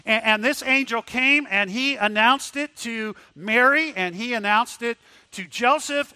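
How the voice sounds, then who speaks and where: Male pastor, sermon delivery; high, very bright voice, dry sound, dramatic shifts between loud and hushed. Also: no echo. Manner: dramatic swings from loud questions to hushed low tones; repeats words when restarting.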